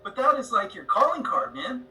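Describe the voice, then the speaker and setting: A man's voice: extremely high pitch, sing-song, normal speed, far from the mic, rough recording. A male host running an online Q&A, chatty and upbeat. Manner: upbeat, chatty, quotes others in a loud voice. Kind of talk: hosting an online Q&A.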